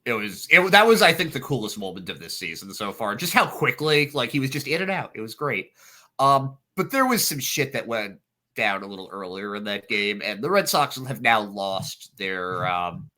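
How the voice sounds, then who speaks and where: Low, bright-voiced man giving a sports rundown. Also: very animated, normal speed. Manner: matter-of-fact, detailed rundown. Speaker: podcast co-host. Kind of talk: casual sports chat.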